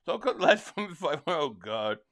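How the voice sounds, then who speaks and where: A man from Philadelphia hosting a live football watch-along, excitably calling plays and reading viewer chats, stammering on restarts. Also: fairly high pitch, moderate pace. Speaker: livestream host and fan.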